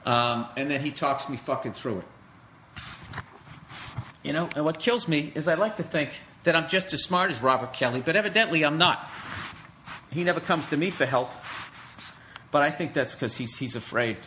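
A man's voice: a little high, normal speed, long pauses, bright, forceful tone, slight background noise. A man hosting a podcast, ranting alone in a sarcastic, profane comedic way. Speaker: podcast host. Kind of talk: solo comedic rant.

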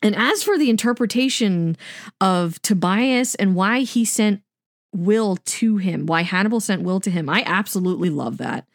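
A woman's voice: medium pitch, moderate pace, dry recording, clean studio sound. A woman co-hosting a podcast in casual chat, enthusiastic, laughing often and swearing freely. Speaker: podcast co-host.

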